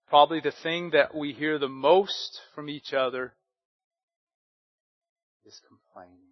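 A man, a pastor, preaching a sermon at a church service, talking in a relaxed, conversational way and often asking his listeners rhetorical questions. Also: fairly high pitch, lo-fi sound.

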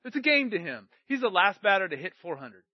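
A middle-aged male pastor with a notably high-pitched voice delivers an impassioned sermon. He drops into quiet anecdotes and then rises to shouted emphasis. The sound is dry and slightly muffled. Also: big pitch swings, brisk, no room sound. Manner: impassioned, swings between shouting and quiet storytelling.

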